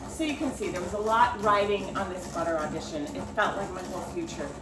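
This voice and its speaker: A woman's voice: mid-range voice, quick pace. A middle-aged woman, a writer, telling a self-deprecating personal story at home and animatedly acting out what people said. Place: home kitchen. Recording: roomy home recording from a distance, with background noise.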